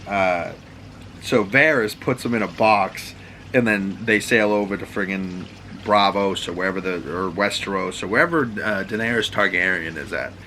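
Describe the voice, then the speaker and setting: A man with a Boston accent rambles through a casual, profane recap like a podcast host. His voice sits on the low side but has a bright, forceful edge. A faint background hiss runs under him. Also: moderate pace, low-quality recording. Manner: loose, profane, rambling storyteller. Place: home room with water running next door.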